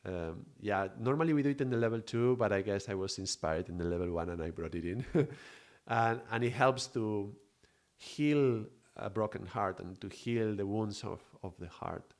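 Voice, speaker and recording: A man with a somewhat low voice leads a live yoga and meditation teaching. He explains at an easy, unhurried pace, pausing to hunt for the right word and asking "yeah?" to check that his listeners follow. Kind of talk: live spiritual teaching talk.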